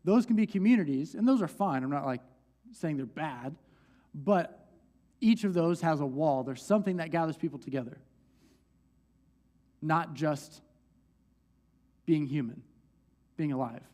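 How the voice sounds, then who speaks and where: A man's voice: fairly high pitch, unhurried, long pauses, mellow. A young man pastor teaching a church group from the stage in a conversational way, with restarts and light laughs.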